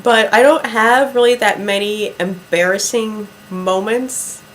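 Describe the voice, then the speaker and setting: Slow-talking woman telling a story. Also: medium pitch, fairly bright tone, a little hiss or hum, low-quality recording. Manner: chatty, drawn-out telling with many "like" fillers. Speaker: vlogger. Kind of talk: casual storytelling to camera.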